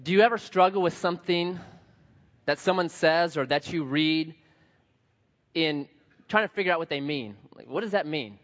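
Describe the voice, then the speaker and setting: Pastor preaching with playful stories. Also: male voice, on the high side, moderate pace, pauses often, fairly bright tone. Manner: storytelling, playful asides, acts out quotes. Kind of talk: sermon. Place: church sanctuary. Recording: dull long hall reverb.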